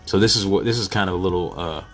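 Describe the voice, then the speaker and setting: A man's voice: low-pitched, fast talker, faint music behind. A man vlogging in a casual, earnest way, thinking aloud with many fillers and restarts. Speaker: vlogger, beat maker.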